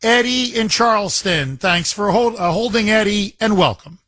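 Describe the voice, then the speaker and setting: Emphatic, husky male radio host. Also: high-pitched, normal speed, a bit bright, dry recording. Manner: emphatic, repeats phrases for effect. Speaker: radio talk show host. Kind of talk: talk radio monologue.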